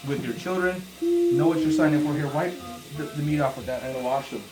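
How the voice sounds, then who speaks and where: A man hosting a casual home cooking demonstration, chatting with joking asides while gently scolding a child who is helping. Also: fairly high pitch, fast talker, reverberant, over loud music. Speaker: home cooking show host. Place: home kitchen.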